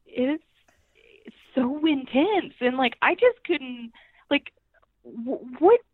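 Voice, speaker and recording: A woman's voice: sits high, breathy edge, no room sound. A young woman co-hosting a podcast, chatting casually and chiming in with agreement. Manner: lively, quick to agree and chime in. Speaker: podcast co-host. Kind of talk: casual chat recapping a reality show. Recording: dry, tinny phone-like line.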